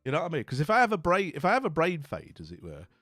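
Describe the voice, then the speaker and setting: A man's voice: on the high side, wildly swooping pitch, racing, loud music behind the voice. A man from northern England, chatting casually and at a ramble while live streaming a game, with many asides like "you know what I mean".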